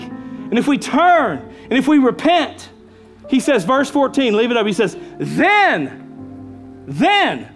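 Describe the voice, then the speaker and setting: A man with a very high voice preaches a sermon as a pastor. He hammers his points home, repeating key lines and calling out to the congregation. Soft music plays faintly behind him. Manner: emphatic preaching with repeated phrases and call-outs.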